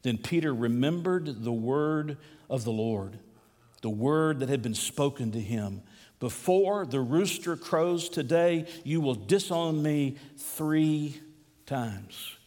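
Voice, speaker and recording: A male pastor delivering a sermon, swinging between hushed, slow lines and raised, emphatic ones. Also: mid-range voice, lively intonation. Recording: long hall reverb.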